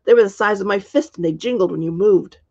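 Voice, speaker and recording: A woman's voice: mid-range voice, fast, darkish tone, lo-fi sound, close to an everyday voice. Zoe, a blunt, frank woman, as a reader voices her.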